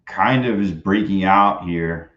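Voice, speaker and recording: A young male day trader with a very deep voice livestreams his trades, muttering loose, crude commentary to himself with bursts of banter. He speaks slowly, his tone a bit bright, and the recording is dull and lo-fi, ringing slightly in a roomy space.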